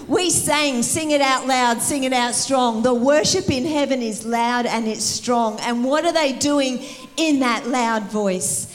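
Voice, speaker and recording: A woman preaching an energetic sermon in a church, rallying the congregation and calling for responses. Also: high-pitched, takes it slowly, in a large hall. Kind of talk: sermon to a church youth service. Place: church hall.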